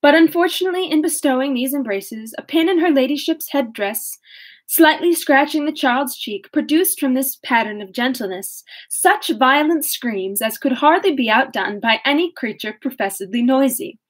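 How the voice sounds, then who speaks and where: A young woman reads a classic novel aloud in a casual audiobook style, fixing her slips and breaking into laughing asides. Her voice is high and lively, at a normal speed.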